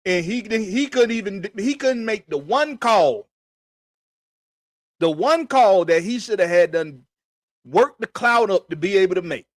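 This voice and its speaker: A man's voice: high voice, no echo, studio quality. A man hosting a sports podcast, ranting in a profane, emphatic, repetitive way. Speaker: podcast host. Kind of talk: heated sports rant.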